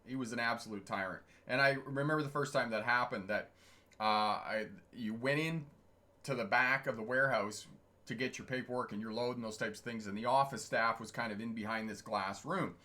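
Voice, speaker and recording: A man's voice: medium pitch, brisk, sharp tone. A middle-aged man and channel host telling trucking stories in a casual livestream, chatty and digressive, chuckling often and answering chat comments.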